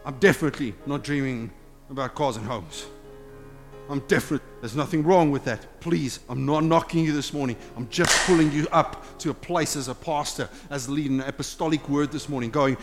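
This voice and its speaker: A man preaching a sermon as a pastor, impassioned, swinging between loud urging and hushed, intimate talk in a church sanctuary. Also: mid-range voice, fairly quick. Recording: long hall reverb with faint music.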